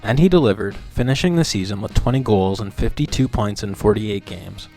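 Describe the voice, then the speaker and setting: A man reading scripted documentary narration in a steady, measured way. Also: lowish voice.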